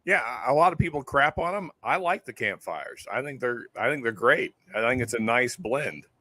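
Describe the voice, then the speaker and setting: A man's voice: mid-range voice, animated, normal speed, bright, forceful tone, no room sound. A man hosting a casual whiskey live stream, easygoing, often repeating words as he starts a sentence. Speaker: whiskey show host. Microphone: close desk microphone.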